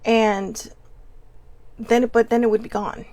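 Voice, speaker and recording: A woman hosting a candid personal vlog, speaking earnestly and haltingly as she searches for words, often restarting. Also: a little high, flat delivery, a little mellow, no echo. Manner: earnest and open. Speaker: vlog host.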